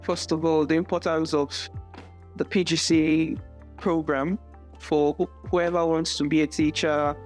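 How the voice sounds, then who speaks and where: A Nigerian woman, a student teacher, telling stories in a relaxed interview and often restarting or repeating words. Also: sits low, measured pace, soft background music. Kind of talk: casual interview storytelling.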